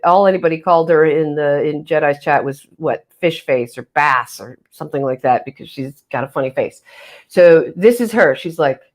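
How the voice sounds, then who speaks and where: A woman hosting a casual livestream, reading viewer comments with a playful, jokey manner and mock-solemn asides, on a webcam mic. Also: sits low. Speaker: livestream host.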